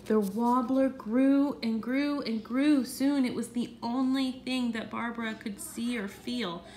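A woman reading a children's storybook aloud in an expressive, animated way. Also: a little high, a little slow, slight background noise.

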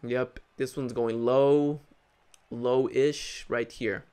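A man's voice: medium pitch, drawn-out words, noisy background. Hyped young man calling his ballgame. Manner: hyped, jokey, trash-talks the game characters; repeats words in excited bursts. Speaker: gaming YouTuber. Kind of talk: live gameplay commentary.

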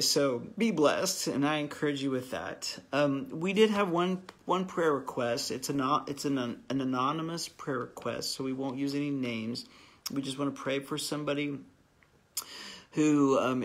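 A man of middle pitch with a gravelly, creaky edge to his voice teaches a live online Bible study. He is earnest and encouraging, and he stops and restarts his sentences often. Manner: halting with frequent restarts. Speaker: pastor leading a Bible study.

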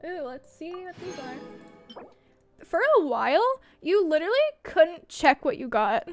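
A woman's voice: high voice, lively intonation, a little slow, faint music behind. A young woman streamer chatting casually to herself while playing a game, swearing when she loses. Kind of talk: casual gaming livestream chat. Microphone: desk mic, wearing headphones.

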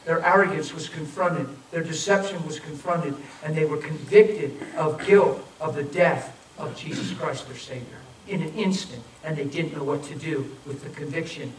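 A man preaching a sermon, telling a story and acting out the voices in it, then softly pleading with people to come forward. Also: on the high side. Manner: storytelling, acts out quoted voices, urgent then soft pleading. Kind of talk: sermon with altar call. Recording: echoey, from far off, faint noise.

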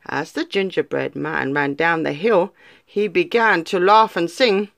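A woman reading a children's story aloud in an expressive, lively way. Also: on the low side, unhurried, creaky, no echo, clean studio sound.

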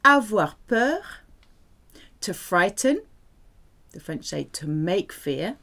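A woman's voice: medium pitch, very animated, slow, gravelly, fairly bright tone. A woman teaching French vocabulary, speaking patiently and repeating words with careful pronunciation. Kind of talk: vocabulary lesson.

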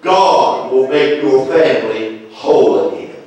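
Preacher in an echoey church. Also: male voice, medium pitch, expressive, measured pace. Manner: swings from hushed storytelling to loud sung and shouted preaching. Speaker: visiting minister. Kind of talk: Pentecostal sermon storytelling. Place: church sanctuary. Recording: echoey church room heard from a distance.

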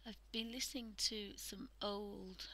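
Soft-spoken woman with a gravelly edge. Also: medium pitch, fairly even intonation, takes it slowly, low-quality recording. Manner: soft, often half-whispered while working, chatty with fillers. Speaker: art livestream host. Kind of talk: casual drawing demonstration.

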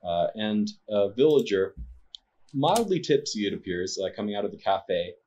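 A man's voice: on the low side, sing-song, moderate pace, warm tone, highs cut off, a little hiss or hum. A man narrating a tabletop game as game master, hesitant and full of fillers.

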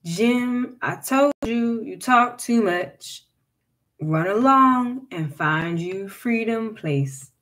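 A woman's voice: medium pitch, fairly even intonation, slow, few pauses, distant mic, close to an everyday voice. A woman reading a folktale aloud and voicing a teasing male talking turtle who sings his lines. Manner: sing-song.

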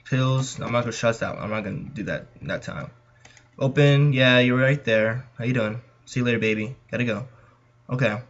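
Playing a horror game on his gaming channel, this young Californian-accented man talks nervously and constantly to his viewers, sounding jittery. His pitch is medium and his pace moderate, recorded through a dull lo-fi mic.

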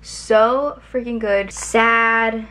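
A woman's voice: on the high side, fairly even intonation, extremely slow, fairly bright tone. A young woman vlogger telling a long story in a chatty, rambling way, full of fillers. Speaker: lifestyle vlogger. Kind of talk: casual storytelling to camera.

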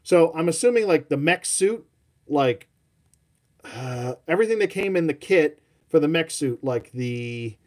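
A man's voice: on the high side, animated, unhurried. A man hosting a live toy showcase, chatting casually in a rambling, self-mocking way and talking to his dog. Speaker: toy collector host.

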